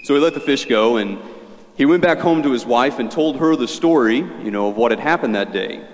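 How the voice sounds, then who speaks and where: A male preacher retells a story in a relaxed, conversational homily. His voice sits at an ordinary pitch for a man. A long church reverb hangs behind every phrase. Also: fairly quick. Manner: conversational, folksy.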